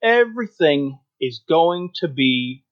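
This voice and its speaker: A man voicing a relaxed rabbit-folk guard who brushes off his friend's worries in a tabletop game. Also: fairly high pitch, takes it slowly, muffled recording. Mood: dismissive. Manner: dismissive, soothing. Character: laid-back male rabbit-folk guard with coffee.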